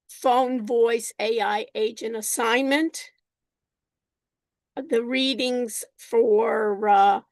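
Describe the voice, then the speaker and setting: A woman instructor lecturing her class over a video call, unhurried, often repeating herself and calling on students by name. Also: on the high side, no room sound. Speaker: college instructor.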